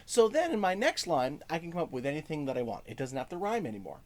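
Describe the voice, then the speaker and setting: A male music teacher giving a first-grade lesson, speaking slowly to young children, checking in with "okay?" and singing short lines. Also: a little high, very animated. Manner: lots of "okay?" check-ins.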